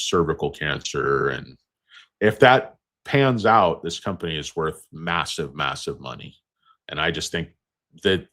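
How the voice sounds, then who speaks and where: A deep-voiced man talks casually about stocks in a loose, rambling way. He mixes in crude jokes and side tangents. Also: a bit bright. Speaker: stock market vlogger. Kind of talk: casual chat.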